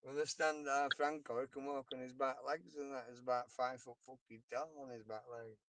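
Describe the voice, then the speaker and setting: A man's voice: mid-range voice, steady tone, brisk, a bit bright, dry recording. A man with a Yorkshire accent chatting casually on a live stream, rambling and swearing as he tells stories. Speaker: livestreamer. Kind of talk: casual chat.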